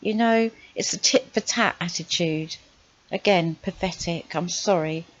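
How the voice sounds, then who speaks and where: An exasperated woman reacts to clips as a channel host, firing off sarcastic rhetorical questions. Her voice sits at an ordinary middle pitch. The sound is dry and a little dull, with no room echo. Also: unhurried. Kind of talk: reaction commentary.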